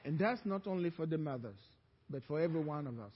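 A male pastor preaching a sermon in a church, surging to loud emphatic calls and then dropping low and quiet. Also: lively intonation, fast talker, slightly rough. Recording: echoey church hall, dull lo-fi sound.

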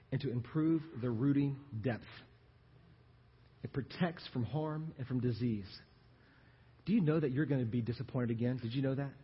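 A middle-aged man preaching a sermon as pastor, calling out to the congregation and moving between loud appeals and hushed, slow passages. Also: mid-range voice, breathy edge. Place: church sanctuary. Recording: dull muffled live church recording with long reverb.

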